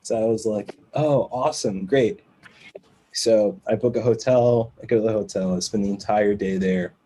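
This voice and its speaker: A man guesting on a podcast, telling a long story in a casual, animated way and acting out the other people in it. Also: fairly low pitch, brisk, low-quality recording. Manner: animated storyteller who acts out quoted voices and laughs between lines.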